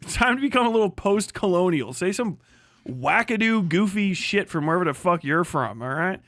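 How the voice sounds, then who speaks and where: An American man rants on his livestream in a loose, profane ramble, breaking into laughter. His voice sits high for a man. The sound is dry and close, with no room in it. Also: animated, brisk, fairly bright tone, no echo. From United States. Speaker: livestream host. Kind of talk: casual livestream rant.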